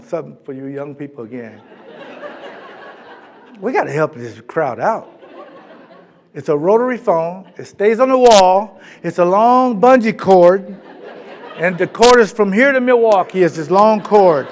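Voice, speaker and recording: A middle-aged man from Florida, a keynote speaker telling a comic story to a live audience and acting out voices as he goes. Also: sits high. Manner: animated, comic, acts out voices in his anecdotes. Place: large event hall.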